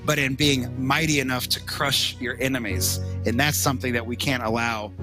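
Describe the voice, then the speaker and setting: A man's voice: mid-range voice, steady tone, moderate pace, music in the background, poor audio. A man speaking as an interview guest, earnest and emphatic, often restarting his sentences. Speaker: magazine editor and guest. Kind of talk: conversational interview.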